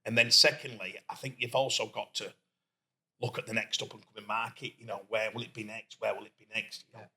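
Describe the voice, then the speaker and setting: A man from Doncaster with a Yorkshire accent, a guest entrepreneur telling lively stories in a casual interview and acting out what people said. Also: fairly low pitch, a little fast. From Doncaster, England. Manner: lively storyteller who acts out quoted speech.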